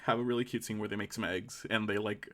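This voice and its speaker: A man's voice: fairly low pitch, steady tone, fast, a bit bright. A man co-hosting a podcast, chatting casually and gushing about a story he loved, laughing often. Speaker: podcast co-host. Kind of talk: casual chat about fan fiction.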